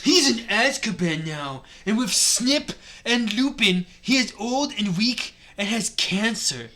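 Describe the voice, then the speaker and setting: A man voicing a blustering male ministry official with a put-on Swedish accent, bossy and loud. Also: high-pitched, lively intonation, slow pace, voice pushed up, full character voice.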